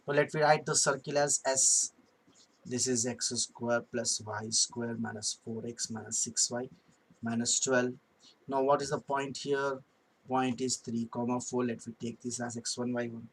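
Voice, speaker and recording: A man's voice: mid-range voice, low-quality recording. A man teaching a math lesson, working through sums aloud step by step and repeating key phrases.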